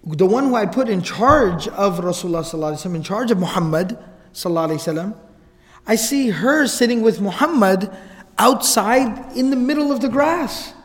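A worried, sharp-tongued mother scolding her child, as a man puts her on. The voice sits high and carries a long reverb from a hall. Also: animated, a little fast. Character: anxious scolding mother, middle-aged woman.

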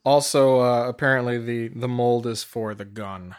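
A man's voice: medium pitch, fairly even intonation, moderate pace, clean tone. Man chiming in with film trivia. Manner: chimes in with researched facts. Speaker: podcast co-host. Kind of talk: casual film discussion.

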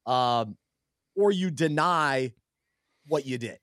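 A podcast co-host speaks in a mid-range, fairly bright voice with lively intonation at a slow pace, recorded dry with studio quality. On a casual sports talk show with a faith angle, he comes across earnest and thoughtful, often restarting sentences.

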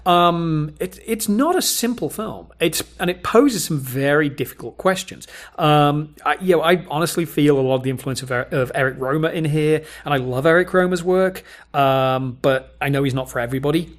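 A man's voice: fairly high pitch, fairly quick. Hesitant man reviewing films. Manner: thoughtful, hesitant, many restarts. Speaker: film review podcast co-host. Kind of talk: casual film review chat.

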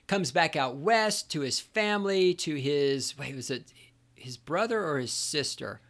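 A man's voice: a little high, a bit bright. A middle-aged man hosting a solo podcast, telling stories in a sarcastic, profane rant. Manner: ranting, profane, sarcastic storytelling. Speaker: podcast host.

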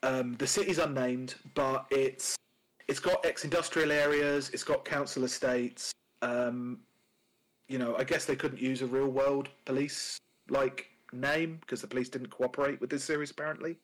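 Husky man, podcast co-host, casual chat, rambling with fillers and restarts. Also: mid-range voice, fairly even intonation, normal speed, low-quality recording.

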